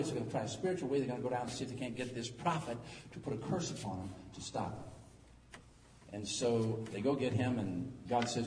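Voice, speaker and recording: A middle-aged man preaching a sermon, telling the story in a folksy, joking, animated way. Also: mid-range voice, fast. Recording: echoey hall, distant mic, faint noise.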